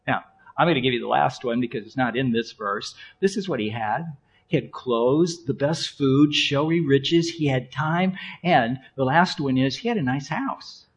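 A man preaching a sermon in an animated, playful way, swinging between loud exclamations and hushed asides. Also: mid-range voice, normal speed, slightly rough. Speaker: pastor.

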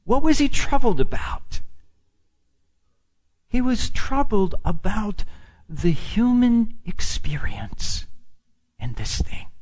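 A middle-aged man preaching a sermon, swinging from hushed near-whispers to loud, emphatic peaks. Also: high voice, wildly swooping pitch, slow, pauses often.

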